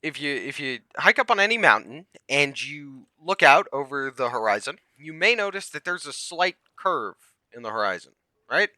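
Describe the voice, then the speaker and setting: A man ranting to the camera, heated and sarcastic, swinging between yelling and muttering. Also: on the high side, very animated, normal speed, no echo, clean studio sound. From United States. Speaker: comedian vlogger. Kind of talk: comedic rant to camera.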